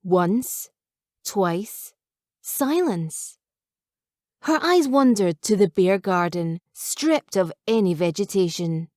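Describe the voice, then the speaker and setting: A woman calmly narrating a novel as an audiobook reader. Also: medium pitch, slow, dry recording, studio quality. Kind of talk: scripted narration.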